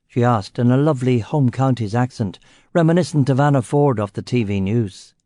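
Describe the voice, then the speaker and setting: A man's voice: on the low side, moderate pace, warm tone, no echo. A man narrating a crime audiobook in the first person, with a dry, sardonic manner on a close studio mic.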